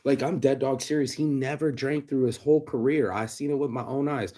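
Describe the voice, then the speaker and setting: A man's voice: medium pitch, fairly even intonation, fairly quick, mellow. A man delivering an unscripted, profane, ranting vlog monologue, restarting sentences and acting out quotes. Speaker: vlogger.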